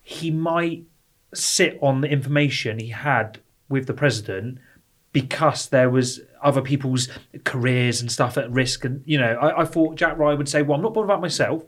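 A man's voice: medium pitch, normal speed. A man co-hosting a film review podcast, chatting casually, laughing often and restarting his sentences as he talks. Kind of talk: casual chat.

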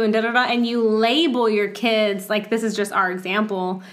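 Chatty higher-voiced woman. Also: flat delivery, moderate pace, hardly any pauses. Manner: chatty, full of "like", acts out quoted voices. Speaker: podcast co-host and parent. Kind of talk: casual chat.

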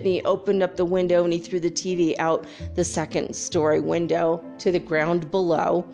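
A woman tells a story casually and with lots of energy. She laughs often and acts out the sounds as she goes. Faint music plays softly in the background. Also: mid-range voice, fairly even intonation, normal speed. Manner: loose and frank, with swearing and fillers. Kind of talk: casual anecdote turned life lesson.

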